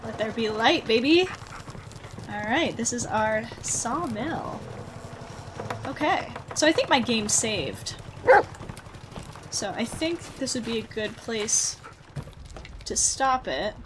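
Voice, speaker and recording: A woman's voice: fairly high pitch, lively intonation, slow, pauses often, noisy background. Chatty young woman gaming host. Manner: chatty, easily startled, swears. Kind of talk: let's play commentary.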